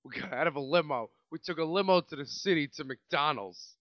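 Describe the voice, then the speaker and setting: A man in his late twenties with a New York accent, hosting a podcast and telling a rambling, profane story in a casual, animated way. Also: a little high, brisk, dry recording, highs cut off. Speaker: podcast host.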